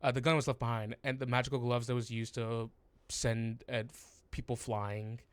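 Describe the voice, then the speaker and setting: A man's voice: mid-range voice, flat delivery, normal speed, clean tone, dry recording. A man narrating a tabletop game as game master, hesitant and full of fillers.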